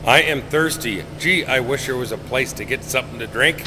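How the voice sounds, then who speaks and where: A middle-aged man films his friends and narrates in a playful, mock-formal tone. His voice sits at an ordinary pitch, and clear background noise runs under the handheld camera audio. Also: brisk. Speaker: vlogger filming friends. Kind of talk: casual joking vlog commentary.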